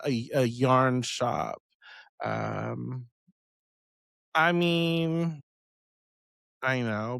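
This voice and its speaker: A man's voice: medium pitch, vocal fry, a bit bright, clean tone, no room sound, clean studio sound. A man hosting a witchcraft live stream in a rambling, casual way, swearing freely and laughing often. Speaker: witchcraft podcast host.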